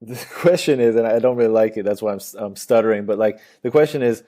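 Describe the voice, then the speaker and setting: A man hosting a casual interview, asking loose, halting questions. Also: lowish voice, warm tone. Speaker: podcast host.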